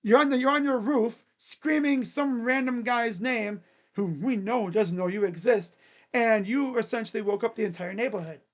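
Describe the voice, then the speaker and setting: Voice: mid-range voice, moderate pace, natural voice. A streamer voicing an exasperated police officer in a comic skit, with a dry, fed-up manner. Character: exasperated police officer making a late-night arrest.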